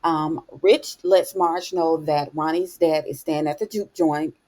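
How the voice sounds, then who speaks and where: A woman giving a chatty, animated episode recap in casual talk, dropping in words like honey and baby. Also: low-pitched, a little slow. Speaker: TV recap vlogger.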